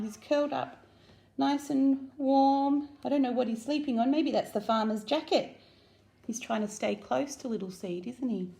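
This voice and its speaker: A woman with an Australian accent reading a picture book aloud to children, animated and asking them questions. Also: fairly high pitch, gravelly. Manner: animated, asks listeners questions. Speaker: children's story reader.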